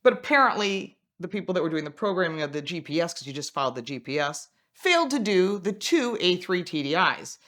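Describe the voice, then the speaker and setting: Lively storytelling woman, car racer. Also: fairly low pitch, brisk, few pauses. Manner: animated, acts out quoted dialogue. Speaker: automotive journalist and racer. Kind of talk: casual storytelling anecdote.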